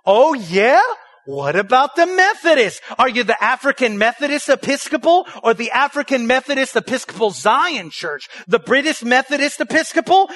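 A man's voice: very high-pitched, a bit bright. A man preaching a sermon as pastor, firing rhetorical questions and leading the congregation in repeating lines.

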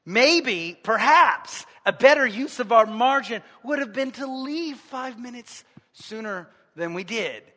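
A man preaching a sermon in a church, joking with the congregation and swinging between loud, emphatic lines and quiet asides. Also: very high voice, lively intonation, takes it slowly, long reverb tail. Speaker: pastor. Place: church sanctuary.

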